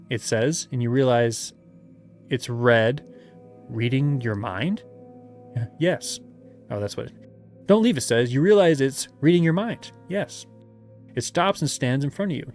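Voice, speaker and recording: A man reading a gamebook aloud as game master, with playful asides and laughter. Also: mid-range voice.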